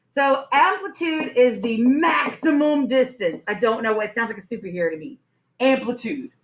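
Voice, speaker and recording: A woman's voice: high voice, a bit bright, a little hiss or hum. A woman teacher giving a science lesson in a classroom, upbeat and playful, putting questions to her students.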